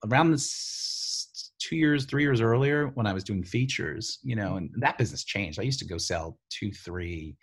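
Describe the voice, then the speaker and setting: A man who writes for television, telling stories from his career in a rambling, animated way, full of "like" and "you know.". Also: lowish voice, moderate pace, husky. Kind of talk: casual storytelling interview.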